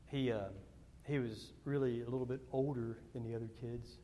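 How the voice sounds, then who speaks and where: A male pastor preaching a sermon, telling personal stories in a rambling way, repeating words and swinging from loud to hushed. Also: mid-range voice, steady tone, quick pace, a little hiss or hum.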